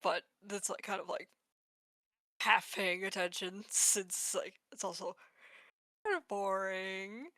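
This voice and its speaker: A woman's voice: medium pitch, slow, pauses often, bright, forceful tone, dry recording. A woman playing in a tabletop game, rambling with lots of filler words. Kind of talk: casual play chat.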